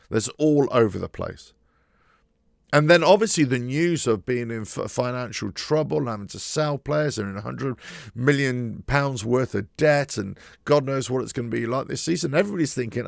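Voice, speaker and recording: A man's voice: mid-range voice, gravelly, no room sound, clean studio sound. A man hosting his own football channel, giving an emphatic, frustrated solo commentary. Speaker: football fan channel host.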